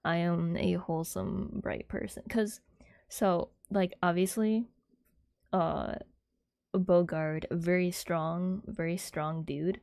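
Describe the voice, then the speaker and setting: A young woman livestreamer chatting casually with viewers in a soft, airy, giggly way, rambling with lots of fillers. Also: fairly low pitch, fairly even intonation, takes it slowly, gravelly, dry recording, clean studio sound.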